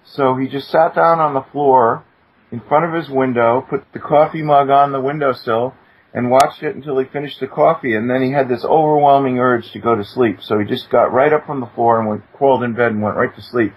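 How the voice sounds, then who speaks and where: Male guest storyteller, husky, animated, mid pitch, muffled lo-fi sound. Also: brisk. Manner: animated, acts out quoted speech with sudden high-pitched exclamations. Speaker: guest, attorney. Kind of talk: storytelling in casual talk. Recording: muffled lo-fi recording.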